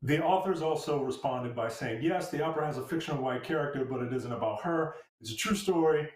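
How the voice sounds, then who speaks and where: A man's voice: on the high side, a little fast. A man hosting a panel, summarizing an article and then handing the turns to his panelists. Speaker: host. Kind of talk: reading news and moderating. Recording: distant echoey mic.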